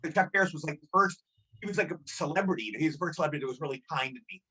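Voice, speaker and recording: A man's voice: on the high side, very fast, pushed and bright, slightly rough. A man in his sixties, a guest actor telling rambling anecdotes in a casual interview and repeating himself.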